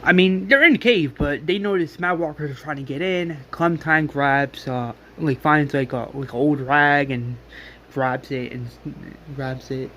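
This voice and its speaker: A man with a slightly high voice talks through a story scene by scene in a loose, rambling way. He stumbles over restarts and leans on fillers as he goes, with a faint hiss behind him. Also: measured pace, bright, forceful tone. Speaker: fan retelling a story. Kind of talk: casual scene-by-scene recap.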